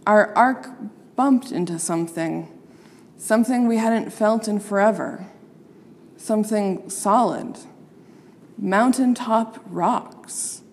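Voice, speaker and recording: Woman, storyteller, storybook reading, expressive, slow-paced, long reverb. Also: medium pitch, a little hiss or hum. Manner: expressive, playing up sound words.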